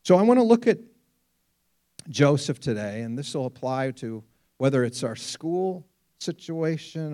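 A man preaching a sermon, telling stories with lively rhetorical questions. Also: on the high side. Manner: animated storytelling, rhetorical questions. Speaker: pastor.

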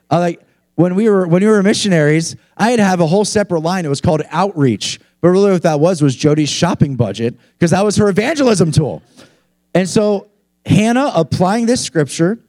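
A man delivers a sermon in a lively, conversational way, peppered with "like". His voice sits a bit high for a man. The sound is dry and close, with little room echo. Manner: energetic conversational preaching, frequent "like". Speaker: preacher.

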